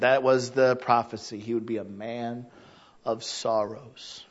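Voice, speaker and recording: A man in his thirties preaching a conversational sermon, animated and acting out little quoted voices. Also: mid-range voice, normal speed, dull audio.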